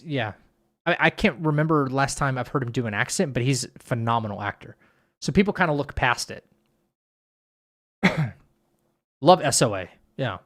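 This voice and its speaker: A medium-pitched man with a fairly bright tone chats casually on stream. Reading live chat and reacting to viewer comments, he rambles, stammers often, and keeps restarting his sentences.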